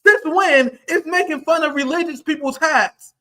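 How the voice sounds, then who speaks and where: A man's voice: very high-pitched, moderate pace, bright, forceful tone. A man hosting a livestream, delivering angry, profane commentary in a heated rant. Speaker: livestream host.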